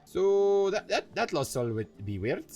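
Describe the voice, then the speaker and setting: A man's voice: sits high, sing-song, measured pace, a little mellow. A young man commenting on a video game, rambling and playful, often correcting himself. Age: young adult. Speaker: gaming YouTuber. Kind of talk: let's play commentary.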